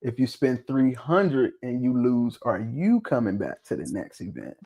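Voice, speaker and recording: A man hosting a casual talk show discussion, talking bluntly and swearing freely, with an animated, preaching tone. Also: medium pitch, unhurried, vocal fry, few pauses. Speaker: podcast host.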